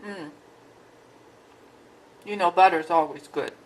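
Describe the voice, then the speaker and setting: In this low-quality recording, a woman vlogger with a lowish voice talks slowly. She mixes and samples her baking at home in her kitchen for a cooking vlog, chatting the whole time in a relaxed, easygoing way, even mid-taste.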